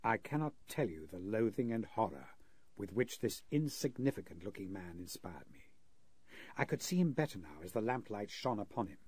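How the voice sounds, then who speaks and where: Earnest interpreter narrating, husky voice, lively pitch, dry close sound, 1930s radio play. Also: male voice, moderate pace, no echo. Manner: earnest, vivid storytelling. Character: earnest male interpreter recounting a frightening ordeal.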